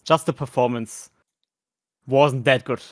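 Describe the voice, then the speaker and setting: Reviewing performances on a podcast he co-hosts, a German-accented man talks casually and haltingly, full of fillers and restarts. His voice is mid-range, steady, and unhurried, in a dry, studio-quality recording.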